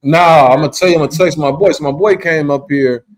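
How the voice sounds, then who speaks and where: A man's voice: on the high side, fast talker. A man hosting a podcast, telling rambling, laid-back stories in casual chat. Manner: rambling, laid-back storytelling with frequent "you understand". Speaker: podcast host.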